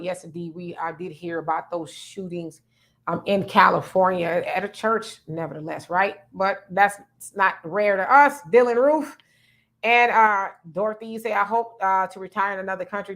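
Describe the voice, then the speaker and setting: A woman's voice: medium pitch, a bit bright. A woman hosts a live stream, calling out viewers and reading their comments before giving her own take. She talks in an easy, conversational way, in a voice that sits in the middle of the female range. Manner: reads viewer comments aloud and responds conversationally. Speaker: livestream host reading chat. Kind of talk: casual livestream chat.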